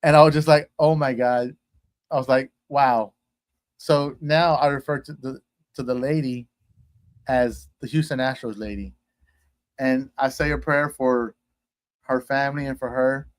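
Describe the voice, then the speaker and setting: A man's voice: mid-range voice, steady tone, unhurried, pauses often, no room sound. A man from Texas, a guest telling a personal story in casual conversation, acting out the voices he quotes.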